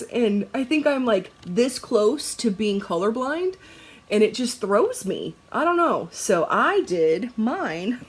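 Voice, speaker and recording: Young female vlogger, husky, very animated pitch, laughs a lot, casual chatter. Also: a little slow. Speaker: cross-stitch vlogger.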